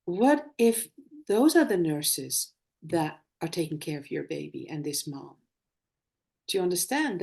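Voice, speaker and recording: A middle-aged woman, a former nurse and birth educator, talking in a live conversation and telling lively stories from her practice. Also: low-pitched, creaky. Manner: animated storytelling, acts out quoted dialogue.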